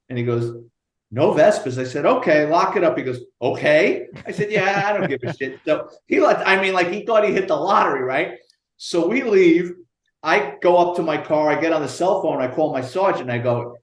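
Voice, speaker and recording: Older new guy telling cop stories, swears a lot, voice a bit high, echoey room. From United States. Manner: animated, profane storyteller acting out dialogue. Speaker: retired police detective guest. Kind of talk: storytelling interview.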